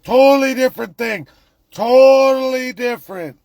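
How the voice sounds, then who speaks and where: A man putting on a whiny, naive Canadian man's voice in a squeaky singsong of denial. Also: moderate pace, vocal fry, a little mellow, no echo, clean studio sound.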